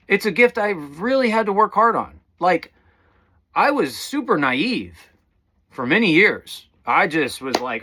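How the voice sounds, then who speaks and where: A man's voice: sits high, big pitch swings, measured pace, bright, forceful tone, slight background noise. A man giving a casual spiritual talk to viewers, rambling and calling them guys. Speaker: spiritual teacher.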